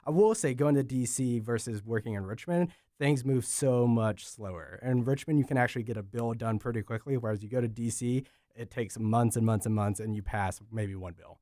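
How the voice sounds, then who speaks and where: Young male strategist from Virginia, light accent, rapid-fire talk, dry mic. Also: mid-range voice, warm tone, dry recording. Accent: light Southwest Virginia. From Southwest Virginia. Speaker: political strategist guest. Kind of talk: casual radio interview.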